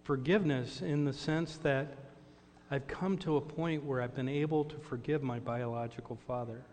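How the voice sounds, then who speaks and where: A man's voice: medium pitch, steady tone, normal speed, darkish tone, long reverb tail, a little hiss or hum. A middle-aged male pastor preaching a sermon, telling personal stories in an earnest way with call-and-response asides. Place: church sanctuary.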